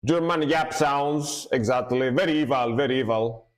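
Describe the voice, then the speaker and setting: A man's voice: medium pitch, moderate pace. A man streaming live music reactions, musing aloud, fumbling over foreign words and cheering the riffs. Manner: excited exclamations over the music.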